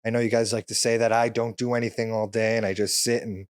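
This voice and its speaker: A man's voice: lowish voice, flat delivery, fast talker, clear, resonant tone, no echo, clean studio sound. A man in his thirties co-hosting a podcast with his girlfriend, chatting casually and joking, chuckling often. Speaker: podcast co-host. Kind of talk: casual chat.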